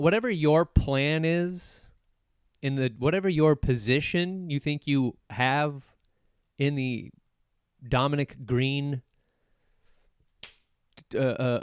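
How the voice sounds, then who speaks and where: A man's voice: medium pitch, clear, resonant tone, dry recording, clean studio sound. Joking man recapping a movie. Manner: joking, acts out movie characters in quick voices; laughs often while retelling. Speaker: podcast host. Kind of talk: solo casual movie recap.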